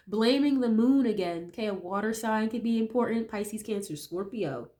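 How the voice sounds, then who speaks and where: A woman's voice: a little high, lively intonation, moderate pace, warm tone. A woman with a nasal voice from a cold, chatting casually as she reads tarot cards for viewers, thinking aloud with many tag questions. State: getting over a cold. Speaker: tarot reader.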